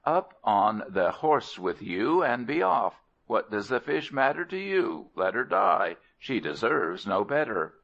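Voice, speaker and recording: A man's voice: on the low side, very animated, a little slow, creaky, few pauses, fairly bright tone, heavily acted. A man voicing a sly male jackal who pretends to be dim-witted, on a dull lo-fi recording. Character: sly, clever male jackal playing dumb.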